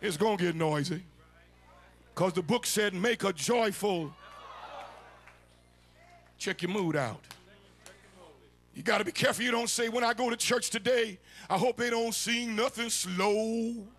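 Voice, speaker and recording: A man preaching a sermon, shouting and chanting his lines in a sung, call-and-response cadence. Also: high-pitched, a little slow, long pauses. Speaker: bishop preaching. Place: church sanctuary.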